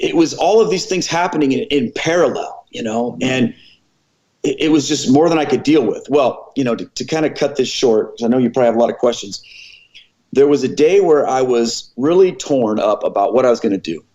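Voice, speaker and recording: A man's voice: mid-range voice, a little fast. Middle-aged man telling his story animatedly. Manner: animated storyteller who acts out dialogue. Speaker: former pastor, podcast guest. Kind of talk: personal storytelling in a conversation. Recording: slightly muffled audio.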